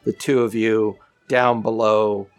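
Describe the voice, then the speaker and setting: A man narrating a tabletop game as game master, relaxed and rambling. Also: on the low side, takes it slowly, faint music behind. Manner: relaxed, rambling, laughs easily.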